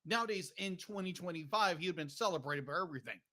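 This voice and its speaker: Bright-voiced rambling man. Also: high-pitched, expressive, fast talker. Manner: rambling, restarts often, keeps saying "be like". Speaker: podcast host. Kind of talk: casual film discussion.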